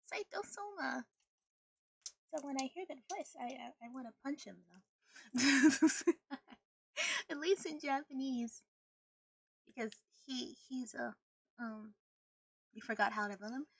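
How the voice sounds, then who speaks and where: A woman's voice: sits high, vocal fry, breathy edge, no room sound, clean studio sound. A woman streaming a video game, chatting casually and rambling with frequent laughter. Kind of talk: casual gameplay stream chat.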